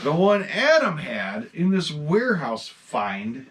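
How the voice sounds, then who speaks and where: A man casually showing off his mask collection, talking excitedly in a rambling way and swearing now and then. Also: on the high side, slow pace, noisy background. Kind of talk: casual show-and-tell vlog.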